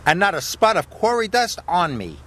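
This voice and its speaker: A man's voice: high voice, huge pitch swings, moderate pace, background noise, pitched above the performer's own voice. A man voicing a proud, boastful male engine who talks in a smug way in a cartoon.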